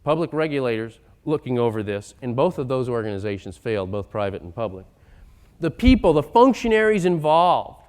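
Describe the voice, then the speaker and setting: A man giving an emphatic lecture-style talk on economics, building to loud, insistent points. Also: mid-range voice, very animated, fairly quick, smooth. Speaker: economic speaker.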